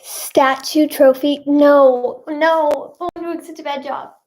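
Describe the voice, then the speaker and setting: A young woman with a bright, high voice talks to her viewers on a live stream. She chats casually and bubbles along, rambling and giggling as she goes. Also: fairly even intonation, slow pace.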